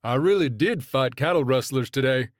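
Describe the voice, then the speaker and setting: A man's voice: mid-range voice, expressive, moderate pace, no echo, clean studio sound, lightly acted. A man doing a brash young rancher. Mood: sheepish. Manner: brash, accusing. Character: blunt hot-tempered young male rancher.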